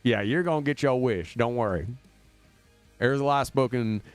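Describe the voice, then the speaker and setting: A man's voice: mid-range voice, normal speed, dry recording. A man from Indiana, a band member booking a tour, chatting casually and upbeat on a livestream, rambling with plenty of fillers. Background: faint demo music looping.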